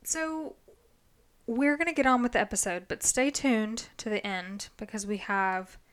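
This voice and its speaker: A woman's voice: on the high side, measured pace. Giggly young woman co-hosting. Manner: giggly, teasing. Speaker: podcast co-host. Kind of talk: casual chat.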